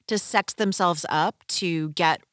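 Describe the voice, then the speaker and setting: A woman's voice: on the low side, takes it slowly, fairly bright tone, no echo, studio quality. A woman interviewing a guest in casual chat, reacting with exclamations and jokes.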